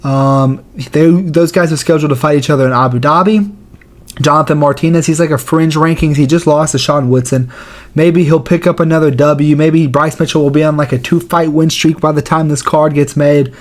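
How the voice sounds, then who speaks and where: A man's voice: on the high side, steady tone, moderate pace. A man hosting his own channel, giving casual commentary in slangy and profane talk. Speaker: channel host.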